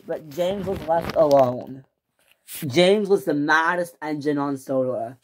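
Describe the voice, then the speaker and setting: A woman narrating a toy train story in a plain, unhurried storytelling manner. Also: low voice.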